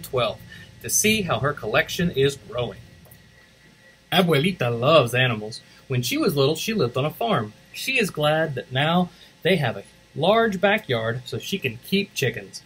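A man giving an expressive read-aloud of a children's picture book for a school's morning announcements. His voice is bright and sits a bit high for a man, swooping lively up and down. He moves easily between English and Spanish. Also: normal speed, husky, faint music behind, rough recording.

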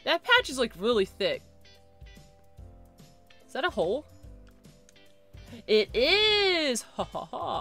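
A woman's voice: sits high, very animated, slow, long pauses, bright, forceful tone, faint music behind. A woman streaming a game live, chattering and reacting, often repeating phrases in a rush and shrieking when things go wrong. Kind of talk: live gameplay commentary.

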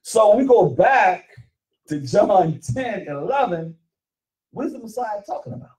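A man teaching scripture in call-and-response, pressing his listeners with repeated questions. His pitch swings widely as he drives each point home. He is picked up from across the room. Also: lively intonation, moderate pace, darkish tone, far from the mic, rough recording. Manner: emphatic, questioning, repeats phrases. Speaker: teacher leading Bible study.

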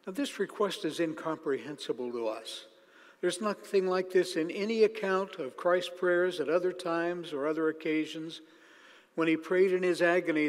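Male preacher, fairly high voice, deliberate and emphatic, long reverb of a big hall. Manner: emphatic, slows down to stress key phrases. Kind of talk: sermon.

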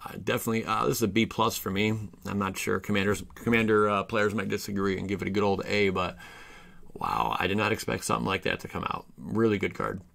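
On his card game channel, a man excitedly and casually reviews new card spoilers, reading the card text aloud and stumbling over his words. He talks fast in a fairly low voice with vocal fry.

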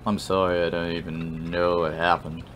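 A man's voice: low voice, level tone, moderate pace, fairly bright tone, slight background noise, voice pushed down. A man voicing a drunk apologetic cat girl. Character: drunk young female cat, apologetic and sloppy.

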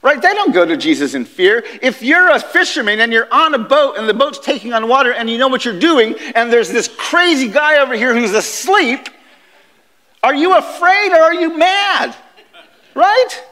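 High-voiced man preaching in an echoey chapel. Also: fairly quick, few pauses. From United States. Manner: animated storytelling, conversational. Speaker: guest chapel speaker. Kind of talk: sermon. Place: university chapel.

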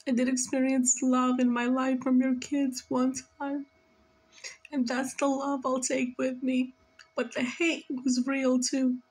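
A tearful woman speaks through an emotional spiritual reading, her voice pitched high. She talks slowly and earnestly, pleading and scolding by turns. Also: completely flat delivery, darkish tone, slightly rough, poor audio. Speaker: spiritual reader.

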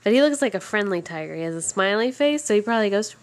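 A young mother filming her baby at home, coaxing him along in high sing-song baby talk. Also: expressive, fast talker.

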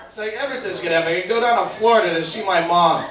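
A man's voice: high voice, rapid-fire. A young man from Boston with a Boston accent, doing a brash, profane stand-up set in a bar. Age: 20s. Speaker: stand-up comedian. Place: bar comedy club. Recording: roomy club tape from far off, loud crowd. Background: crowd laughter.

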